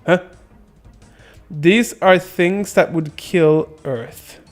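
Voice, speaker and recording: A young man chats through a game stream in a loose, rambling way, reading chat aloud and joking. His voice sits a little high. Faint music plays behind him. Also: drawn-out words. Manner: joking, rambling, laughs often, silly sound effects. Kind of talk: casual gameplay commentary, reading chat.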